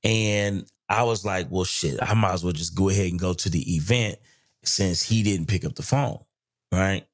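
Low-voiced reflective man hosting a podcast. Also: moderate pace, dry recording, clean studio sound. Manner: reflective, searching for words with many restarts. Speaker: podcast host. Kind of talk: casual podcast conversation.

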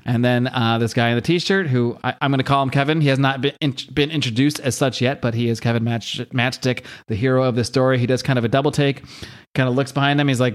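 A man's voice: mid-range voice, quick pace. A man hosting a podcast, casually recapping a comic book in a rambling, chatty way with fillers and swearing. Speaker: podcast host.

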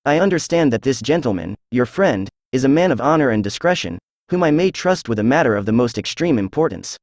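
A synthesized male voice reading the lines of a proud, anxious masked king in an audiobook, in an even machine delivery. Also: mid-range voice, brisk, no echo. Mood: formal. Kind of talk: text-to-speech audiobook dialogue.

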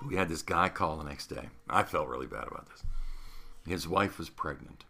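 Gravelly older man telling animated stories. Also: very deep voice, moderate pace. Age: 60s. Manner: animated storyteller, laughs through stories. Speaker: radio host. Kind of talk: storytelling interview.

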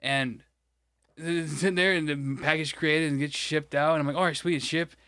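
A man's voice: a little high, steady tone, moderate pace, bright, forceful tone, no echo, studio quality. A man from Michigan, co-hosting a podcast, rambling through an exasperated, profane story in casual chat. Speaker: podcast co-host.

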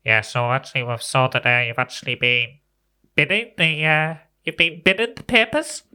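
A petty, nasal shop boss who talks down to his paper boy with halting, officious accusations, as a man puts him on. The voice is very bright and smooth, a little off the mic. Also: fairly high pitch, pitched above the performer's own voice. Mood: accusing.

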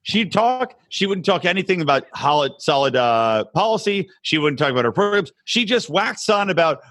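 A man's voice: on the high side, big pitch swings, normal speed, a bit bright, dry recording, studio quality. A man hosting a podcast, ranting profanely in drunken political banter. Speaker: podcast host.

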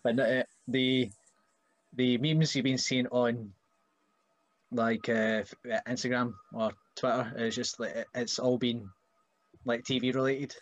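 A man's voice: mid-range voice, a little slow. A man with a Scottish accent, a wrestler guest in a casual chat, telling stories and putting on voices. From Scotland. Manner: animated storyteller, puts on voices.

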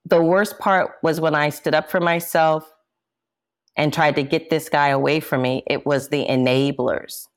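Woman, low voice, candid interview guest, emphatic and impassioned. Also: fairly even intonation, unhurried. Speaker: interview guest, jazz singer. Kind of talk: candid personal storytelling.

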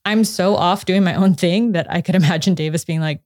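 A woman in her thirties, a psychotherapist guest on a podcast, telling a personal story in a lively way, laughing often and acting out what people said. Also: on the low side, fairly quick, no room sound, studio quality. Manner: animated storytelling, acts out quotes, laughs often. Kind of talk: casual podcast conversation.

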